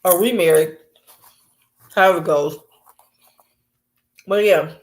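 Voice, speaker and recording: A woman chatting casually to her camera at home late at night, blunt and quick to laugh, acting out her coworkers as she goes. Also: lowish voice. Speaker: vlogger. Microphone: camera mic.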